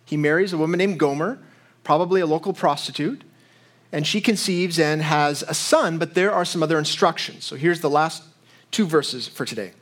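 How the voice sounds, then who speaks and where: A pastor with a notably high voice preaches a sermon. He teaches in a chatty way, breaking off to check in with his listeners. The delivery stays casual and explanatory. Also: normal speed, fairly bright tone. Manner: conversational teaching with frequent asides and acted quotes.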